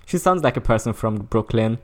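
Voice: mid-range voice, lively intonation, fairly quick. Rambling podcast co-host full of fillers. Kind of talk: casual chat.

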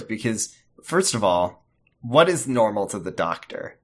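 A man's voice: mid-range voice, sing-song, normal speed, bright, forceful tone. A man cohosting a podcast, rambling and joking as he picks apart a TV episode. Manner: rambling, self-interrupting, joking. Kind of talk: casual chat recapping a TV episode.

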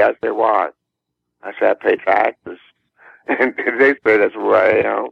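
A man's voice: fairly low pitch, measured pace, vocal fry, breathy edge, dry recording. An older man from the American South, a singer chatting in a radio interview, laughing often and repeating himself. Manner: laughs often, repeats words, warm down-home talk. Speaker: guest singer. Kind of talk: relaxed interview chat. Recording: dull muffled radio recording.

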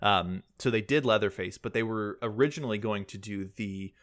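A man's voice: on the low side, normal speed, a bit bright. A man co-hosting a casual film podcast, rambling and wry, swearing casually as he talks. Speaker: podcast co-host.

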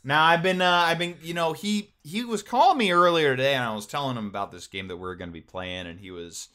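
A young adult man co-hosting a casual podcast, telling jokey stories in an animated way. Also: fairly high pitch. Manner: animated, jokey storytelling, quick to laugh. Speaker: podcast co-host. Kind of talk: casual chat.

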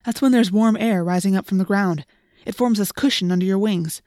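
A woman's voice: mid-range voice, fairly quick, dark tone, dry recording, clean studio sound, lightly acted. A woman voicing an earnest teenage boy who talks eagerly about flying, read as part of an audiobook. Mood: excited. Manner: enthusiastic, earnest. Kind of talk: audiobook reading.

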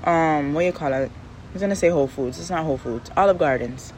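A woman hosting a podcast, rambling and venting in a casual monologue with animated asides, recorded outdoors in the shade on a phone. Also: low voice, fast talker, a little hiss or hum, low-quality recording. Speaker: podcast host.

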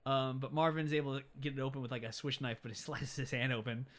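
A young man, a podcast co-host, casually retelling a movie scene by scene with lively quoted voices. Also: medium pitch, quick pace, a little hiss or hum. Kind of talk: casual movie recap chat.

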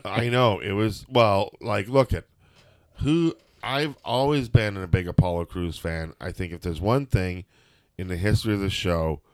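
Rambling jokey man, lowish voice. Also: measured pace. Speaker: podcast co-host. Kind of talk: casual wrestling recap chat.

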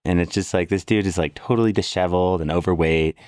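A man with a very low voice tells a story in a loose, casual way. He gets animated and pushes his pitch way up for quoted lines. The sound is dry and close. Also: fast, dry recording. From worked in San Francisco. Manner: animated storyteller, jumps high when quoting people. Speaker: podcast guest.

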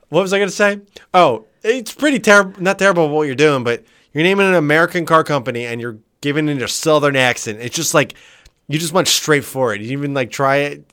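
A man's voice: on the high side, brisk, clear, resonant tone. A man co-hosting a podcast, in casual comedic banter, laughing often and swearing freely. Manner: laughs often, profane and animated. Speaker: podcast co-host.

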